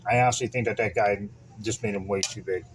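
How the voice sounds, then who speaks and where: A man's voice: on the low side, fairly even intonation, fast talker, very noisy. A man hosting a casual home cooking vlog, rambling and joking at himself as he talks through the recipe. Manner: rambling, self-deprecating, chatty asides. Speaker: channel host.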